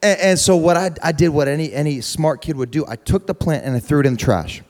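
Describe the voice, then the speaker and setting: High-voiced humorous young preacher. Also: male voice, fast. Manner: conversational, humorous, repeats words, rises to loud preaching. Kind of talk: storytelling sermon.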